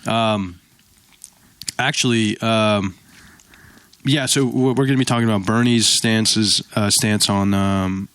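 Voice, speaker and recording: A man's voice: lowish voice, steady tone, slow, a bit bright, smooth, dry recording. A young man co-hosting a podcast in casual chat, joking and rambling with filler words. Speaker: podcast co-host.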